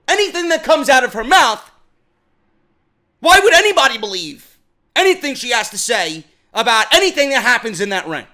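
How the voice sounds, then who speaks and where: High, bright-voiced man ranting a review. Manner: blunt, profane, exasperated; stammers on repeated words. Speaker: wrestling show reviewer. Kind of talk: ranting solo show review.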